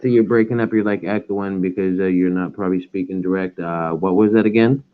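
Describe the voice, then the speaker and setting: Male host, low voice, tinny phone-quality audio, relaxed questioning. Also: fairly quick. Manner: easygoing, asks lots of questions. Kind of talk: casual livestream chat.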